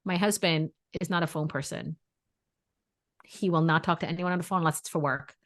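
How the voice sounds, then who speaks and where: Animated New woman telling stories. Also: low voice, brisk. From New York area. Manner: animated storyteller, acts out quotes. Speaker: podcast co-host. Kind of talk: casual chat.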